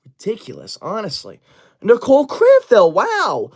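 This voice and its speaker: A man's voice: high voice, wildly swooping pitch, unhurried, darkish tone. A man in his twenties hosting a livestream, reading chat comments and scolding viewers like a strict teacher. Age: 20s. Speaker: livestream host.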